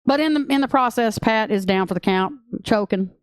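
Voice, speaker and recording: A woman with a Texan accent co-hosting a casual podcast chat, excitable and gushing, laughing often. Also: a little high, brisk, clean tone, dry recording, studio quality. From Texas. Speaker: podcast co-host.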